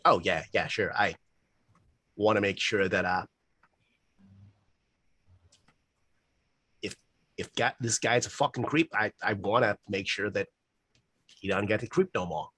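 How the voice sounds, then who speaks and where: A man's voice: on the low side, very animated, fairly quick, few pauses, sharp tone, dry recording, exaggerated voice. A man putting on a shaky Boston-accented café guy. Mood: protective. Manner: attempted Boston accent, loose and rambling.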